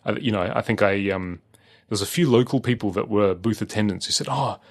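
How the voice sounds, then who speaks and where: A man's voice: fairly low pitch, brisk. A man with an Australian accent, co-hosting a podcast in casual chat, rambling with many fillers and restarts. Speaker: podcast co-host.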